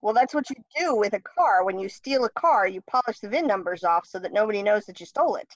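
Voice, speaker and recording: A woman's voice: medium pitch, expressive, quick pace, no echo. A woman guest author talking in a casual interview, blunt and wry. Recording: dry, dull lo-fi sound.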